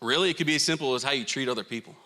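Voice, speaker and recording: A young Southern American man preaching a youth sermon with a bright, forceful voice. He jokes with the crowd and jumps high in pitch when teasing, then settles back into his point. He is from Florida and calls people y'all. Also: rapid-fire. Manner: animated, joking, playful asides to the crowd. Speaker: youth pastor.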